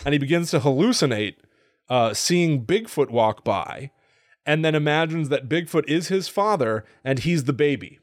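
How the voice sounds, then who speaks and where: A man's voice: fairly high pitch, expressive, moderate pace. A man hosting a podcast, casually retelling a film plot with amused laughs. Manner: amused storytelling with frequent laughs. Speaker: podcast host.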